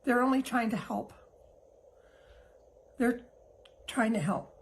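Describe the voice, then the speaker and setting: A middle-aged woman talks straight to her listeners in a heartfelt monologue, her somewhat high voice soft and reassuring. She takes her time, leaving long pauses between thoughts. She sounds emotional and close to tears. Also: lively intonation, a little hiss or hum, low-quality recording. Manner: gentle, unhurried, reassuring. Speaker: host.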